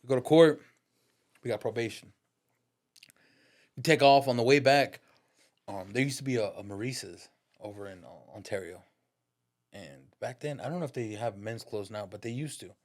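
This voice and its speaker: A man's voice: mid-range voice, moderate pace, long pauses. A man on a podcast as the guest, telling a story in a casual, profane, slang-heavy way and laughing through it. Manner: profane, slang-heavy, addresses listener as "dog"; laughs through his stories.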